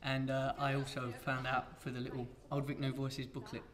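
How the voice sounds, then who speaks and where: A man's voice: medium pitch, completely flat delivery, normal speed, background noise. A man, a workshop participant, describing his experience in a matter-of-fact way. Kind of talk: casual testimonial.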